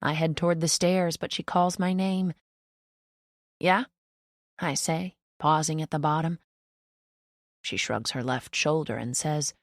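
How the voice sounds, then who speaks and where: A woman narrates a novel in the first person, with an even and reflective delivery. Her voice is low and gravelly. The recording is dry and close. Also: no room sound. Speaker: audiobook narrator.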